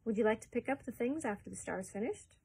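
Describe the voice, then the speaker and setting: Cheery male peddler with sing-song folksy patter, put on by a woman storyteller, slightly husky. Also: on the high side, lively intonation, fast, mellow, heavily acted. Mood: jolly.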